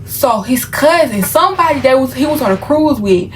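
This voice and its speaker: A woman's voice: sits high, animated, normal speed, recorded from a distance, slight background noise, rough recording. A woman from Memphis telling a casual storytime to her viewers, chatty and full of fillers. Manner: chatty, talks straight to viewers, many fillers. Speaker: vlogger.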